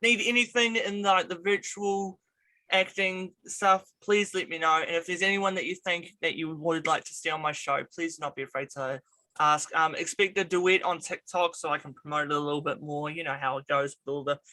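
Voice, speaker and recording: Bright-voiced upbeat male interview host. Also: a little high, steady tone, normal speed. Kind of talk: casual video interview chat.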